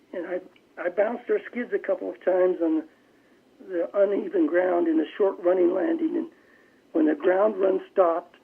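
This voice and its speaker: Older man with a gravelly, high voice over the phone. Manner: measured storytelling with frequent restarts. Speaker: phone-in guest. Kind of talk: recounting a war memory in an interview. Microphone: telephone. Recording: tinny phone line on radio.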